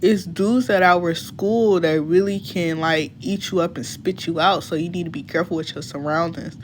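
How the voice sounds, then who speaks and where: A woman's voice: lowish voice, fairly even intonation, moderate pace, a little hiss or hum, voice pushed down, natural voice. A woman doing a muttering jealous ex-boyfriend. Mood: warning. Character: jealous young ex-boyfriend, low and mumbling.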